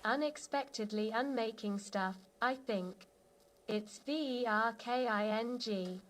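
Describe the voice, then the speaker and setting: A computer-made woman's voice reads out viewers' chat messages one after another. It sits fairly high in pitch. The delivery stays flat and even, without any feeling. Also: takes it slowly. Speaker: text-to-speech chat reader.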